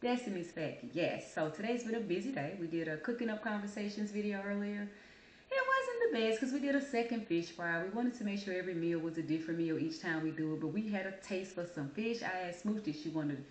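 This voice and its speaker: A woman's voice: mid-range voice, animated, a little fast. A woman hosting her own vlog, giving her opinions in an emphatic, blunt and casual monologue. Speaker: vlogger host. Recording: echoey room with faint noise.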